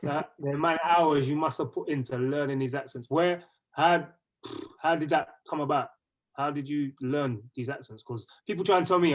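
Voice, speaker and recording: A man's voice: a little high, moderate pace, rough recording. A man hosting a podcast, asking his guest questions in a curious, easygoing way. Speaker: podcast host. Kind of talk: casual chat.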